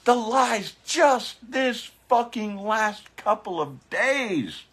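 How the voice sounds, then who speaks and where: A husky, bright-voiced man rants into his phone, swearing and fiery as he talks to his viewers. His pitch swings widely while he drags the words out slowly, circling back to the same catchphrases. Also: animated. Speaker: biker vlogger. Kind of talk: profane live-streamed political rant.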